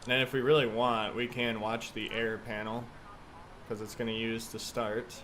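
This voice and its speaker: A man's voice: medium pitch, little pitch movement, normal speed, a bit bright, a little hiss or hum. A man live-streaming a flight simulator, chatting casually and thinking aloud as he works through checklists.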